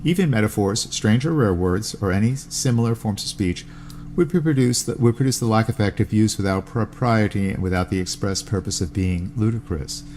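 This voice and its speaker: A man's voice: lowish voice, a little fast, a little mellow, a little hiss or hum. A man hosting a podcast, reading aloud from a classical text with plain asides and spelling out Greek words letter by letter. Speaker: podcast host.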